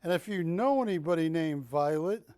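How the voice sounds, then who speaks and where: A man with a high, dry voice hosts a live television shopping show. He pitches hard and jokes constantly, teasing his co-hosts between bids. The sound is close and studio-dry. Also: expressive, moderate pace, warm tone, no room sound. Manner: jokey, teasing, pushy salesman patter. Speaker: shopping channel host.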